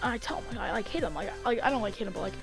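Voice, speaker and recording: A woman telling a story in a casual vlog, rambling with lots of fillers and getting excited as she acts it out on a desk mic. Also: mid-range voice, racing, vocal fry, over music. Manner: rambling, heavy on fillers, gets excited acting out the fight. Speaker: vlogger.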